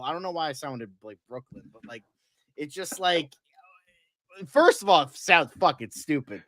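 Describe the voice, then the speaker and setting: A man's voice: on the high side, animated, normal speed, sharp tone, no echo. A young man co-hosting a casual podcast, ranting with heavy profanity and exasperated sarcasm. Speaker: co-host.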